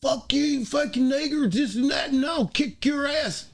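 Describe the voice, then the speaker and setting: A man voicing a belligerent foreign man who yells insults in a high, strained shout. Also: normal speed, gravelly.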